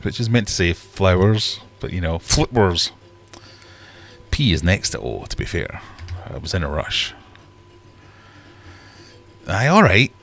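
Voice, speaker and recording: A man's voice: low voice, very animated, normal speed, gravelly, hardly any pauses, faint music behind. A man hosting a casual live-stream quiz, chatty and joking as he reads out the questions. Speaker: livestream quiz host.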